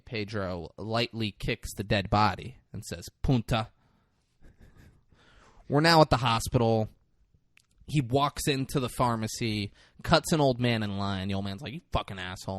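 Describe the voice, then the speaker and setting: A man co-hosting a podcast, recapping a movie in a crude, animated way and acting out the characters' lines. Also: fairly low pitch, no echo, studio quality. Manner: crude, animated retelling with acted-out quotes. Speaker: podcast co-host. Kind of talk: casual movie recap chat.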